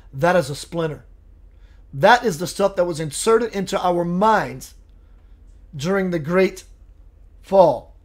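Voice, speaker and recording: A man hosting a live spiritual show, speaking in a gentle, earnest and meditative way and answering viewer comments. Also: on the high side.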